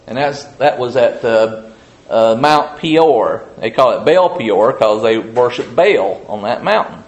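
A man's voice: mid-range voice, animated, measured pace, dull audio. A man teaching a casual Bible study, telling the story in a rambling, folksy way full of "uh" and "you know".

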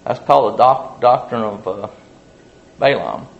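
A man's voice: mid-range voice, a little slow, vocal fry, highs cut off. Folksy rambling male Bible teacher. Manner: rambling folksy storytelling with many fillers. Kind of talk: casual Bible study teaching.

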